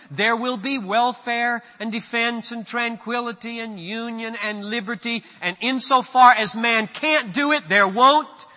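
Man, pastor, sermon, high voice, bright tone, emphatic, long hall reverb. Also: dull audio. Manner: emphatic preaching, swings from loud declarations to low quiet asides.

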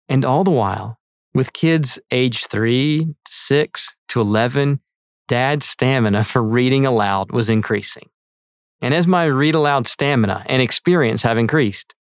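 A middle-aged man reading his own essay aloud in an earnest, measured way. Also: medium pitch, dry recording, clean studio sound. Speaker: author reading his article. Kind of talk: read-aloud essay narration.

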